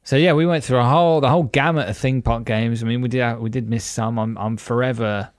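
Male podcast co-host, casual and rambling, mid-pitched, dry close sound. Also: steady tone, quick pace, dry recording. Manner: rambling, upbeat, many fillers.

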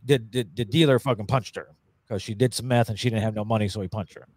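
A man's voice: lowish voice, fast talker, a little mellow, dry recording. A man casually telling a long crude story, full of swearing and voiced quotes.

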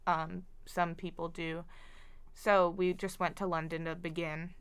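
A woman's voice: lowish voice, flat delivery, measured pace, clean tone. A young woman co-hosting a podcast, chatting casually with friends and dropping in plenty of "like" and "um". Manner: chatty, lots of "like" and "um". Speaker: podcast co-host. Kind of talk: casual chat.

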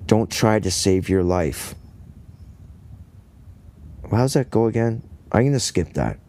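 A man's voice: low-pitched, darkish tone. A man hosting a casual Bible study podcast, preaching with folksy asides and jokes. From Canada. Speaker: podcast host and lay preacher. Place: rural home, indoors.

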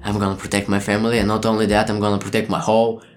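A man's voice: fairly low pitch, completely flat delivery, racing, soft background music, close to an everyday voice. A man voicing an angry father who swears he will protect his family, stammering but determined. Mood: defiant.

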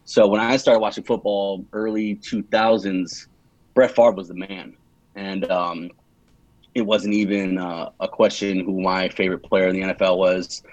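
A man's voice: low-pitched, little pitch movement, normal speed, no echo. A young man from California in his twenties, chatting as an interview guest, rambling with many restarts and fillers. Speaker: podcast guest. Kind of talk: casual interview chat. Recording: dull lo-fi sound.

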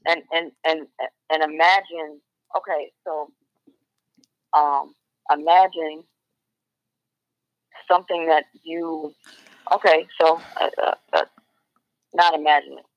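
A woman's voice: low-pitched, steady tone, slow, long pauses, no echo. A woman co-hosting a casual podcast chat, restarting sentences often and agreeing animatedly. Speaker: podcast co-host. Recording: dull lo-fi dry sound.

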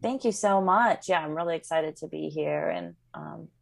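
A woman's voice: deep voice, normal speed, creaky, dry recording. A woman being interviewed as a podcast guest, answering in a hesitant way with fillers. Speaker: podcast guest, comedy writer. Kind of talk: casual interview talk.

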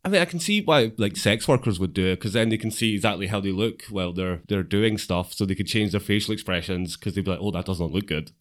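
A man's voice: on the low side, fast talker, hardly any pauses. A young man with a Belfast accent, co-hosting a casual podcast in a dry, matter-of-fact, teasing way. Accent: Northern Irish, Belfast. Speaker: podcast co-host. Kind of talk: casual chat.

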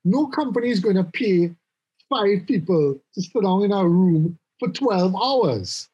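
A middle-aged man chatting casually about his office jobs, telling animated stories and often repeating words as he goes. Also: sits high, measured pace, husky, lo-fi sound. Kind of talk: casual conversation.

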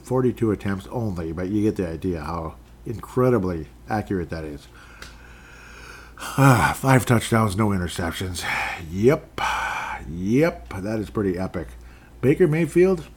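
Husky-voiced man rambling through scores. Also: on the low side. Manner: rambling, jokey, with asides. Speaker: podcast host. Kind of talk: casual sports recap.

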